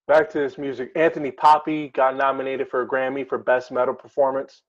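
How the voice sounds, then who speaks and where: A man's voice: medium pitch, flat delivery, brisk, lo-fi sound. A man co-hosting a casual chat, talking hesitantly with many ums and uhs. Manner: hesitant, many fillers while reading lists. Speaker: podcast co-host.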